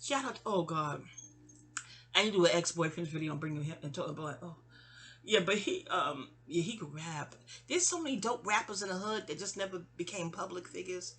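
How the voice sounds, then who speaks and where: Middle-aged New York woman, husky and bright, casual rambling storytelling with lots of fillers. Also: fairly low pitch, animated, brisk. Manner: rambling, digressive, full of fillers and restarts. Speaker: vlogger telling a memoir story.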